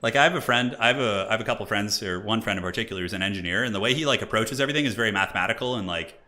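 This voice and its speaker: A young man hosting a live game stream, chatting casually and excitably with viewers and often laughing. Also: on the low side, racing. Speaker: streamer hosting multiplayer matches.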